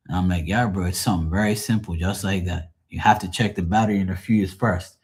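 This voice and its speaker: A man with a very low, husky voice talks casually on his livestream. He rambles through everyday stories, swearing freely and livening up when he quotes other people. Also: a little fast, few pauses. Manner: profane, rambling, animated when quoting others. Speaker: livestream host. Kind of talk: casual storytelling chat.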